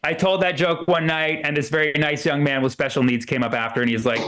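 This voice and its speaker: Man, stand-up comedian, slightly high voice, rambling, lots of fillers. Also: fairly even intonation, a bit bright. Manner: rambling, filler-heavy, puts on quick voices for quoted people. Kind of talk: stand-up set on a livestream. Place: small comedy club.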